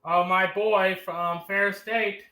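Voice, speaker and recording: Male co-host, teasing sports banter, high voice with a sharp bright edge. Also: steady tone, takes it slowly. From United States. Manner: playful, teasing. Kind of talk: casual sports chat.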